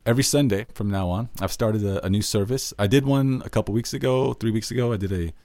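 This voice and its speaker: A man's voice: fairly low pitch, fast, warm tone, no room sound. A man hosting a solo podcast, giving tips in an earnest, conversational way and acting out example questions. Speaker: podcast host.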